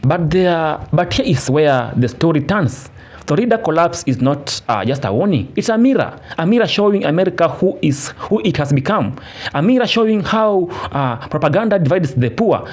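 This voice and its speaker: A man's voice: a little high, very animated, normal speed. A man narrating a political commentary, emphatic and repetitive, with restarts. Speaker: channel narrator. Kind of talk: commentary voice-over.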